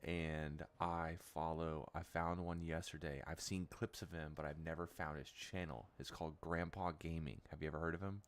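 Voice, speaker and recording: A man's voice: very deep voice, steady tone, moderate pace, hardly any pauses. A young man chatting casually while he plays a game, rambling and amused, often restarting his sentences. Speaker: gaming streamer. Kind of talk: casual chat while gaming.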